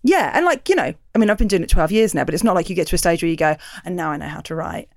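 A woman's voice: expressive, racing, a little mellow, no echo, studio quality. A woman, a stand-up comic hosting a casual interview and acting out quoted voices. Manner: chatty, acts out quoted voices with big pitch jumps. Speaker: podcast host and stand-up comic.

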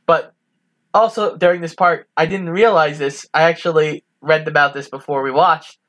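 A man's voice: fairly high pitch, steady tone, moderate pace, a bit bright. Easygoing man recapping film scenes. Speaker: podcast co-host. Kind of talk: casual film-rewatch chat.

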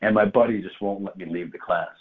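A man's voice: low voice, fast, slightly rough. A man telling a wild story in a casual chat, laughing often and swearing freely. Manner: animated, laughing, profane storytelling. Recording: tinny phone-like line.

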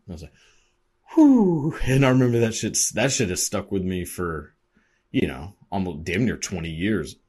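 Young dude in his 20s rambling and swearing a lot, real low husky voice, tons of "like"s. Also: brisk, darkish tone. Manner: rambling, profane, lots of fillers and laughs. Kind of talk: casual monologue.

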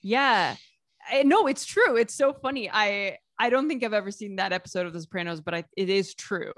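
American woman, relaxed chatty guest, laughs a lot, dry close sound. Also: medium pitch, fairly quick, no echo. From United States. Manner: lively, laughs often, many fillers and restarts. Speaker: author and vlogger guest. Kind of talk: casual interview conversation.

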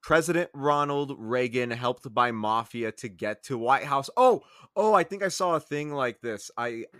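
A man's voice: lively intonation, unhurried, fairly bright tone, no echo, clean studio sound. A man co-hosting a podcast in casual chat, swearing a lot and getting exasperated, his voice jumping up when worked up. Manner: profane, exasperated, jumps up in pitch when worked up. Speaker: podcast co-host.

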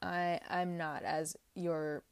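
A woman's voice: lowish voice, level tone, slow, creaky, clear, resonant tone, dry recording. A young woman giving a casual tarot reading, talking candidly and with emphasis, often rambling. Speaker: tarot reader.

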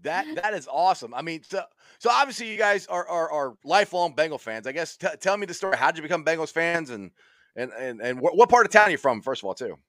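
Dry, lively enthusiastic male host. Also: a little high, fast, no echo. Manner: enthusiastic, stammers and repeats words. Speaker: radio host. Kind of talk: excited interview hosting.

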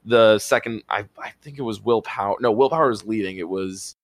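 Low-voiced man in rambling podcast chat. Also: brisk, no echo. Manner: rambling, excitable storytelling with casual swearing. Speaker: podcast co-host. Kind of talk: casual chat.

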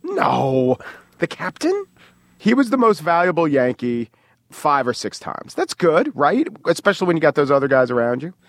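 A man co-hosting a podcast, talking in an animated, emphatic way. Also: a little high, normal speed, dry recording, clean studio sound. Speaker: podcast co-host. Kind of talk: casual chat, reading a prepared segment.

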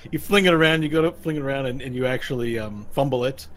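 A man's voice: medium pitch, fast, fairly bright tone. A man narrating as game master of a tabletop game, laughing often and correcting himself as he goes. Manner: loose, rambling and self-correcting.

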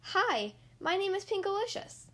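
A woman reading aloud, voicing an excitable young girl who squeals with delight. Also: very high voice, unhurried, pitched above the performer's own voice, exaggerated voice. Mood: excited.

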